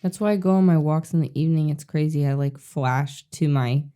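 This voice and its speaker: Low, mellow-voiced woman podcast co-host. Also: a little fast, clear, resonant tone. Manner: earnest, reflective, swears freely. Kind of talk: casual chat.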